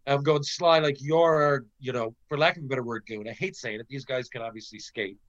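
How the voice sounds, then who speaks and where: Man, middle-aged, former pro hockey player, animated profane storyteller, slightly muffled audio. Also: medium pitch, a little fast. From Canada. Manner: animated, profane storyteller who acts out quotes. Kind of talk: casual anecdote storytelling.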